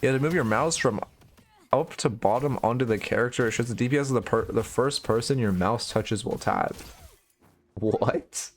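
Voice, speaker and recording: A man's voice: medium pitch, brisk. A man giving casual live-stream coaching commentary on a video game, blunt and opinionated, swearing freely.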